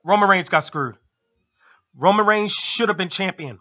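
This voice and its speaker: A high-pitched man with a bright, forceful tone, co-hosting a radio show and recapping wrestling in an excited, casual way. He laughs often and shouts out quotes in a sharp voice. The recording has a dull, lo-fi broadcast sound. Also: moderate pace.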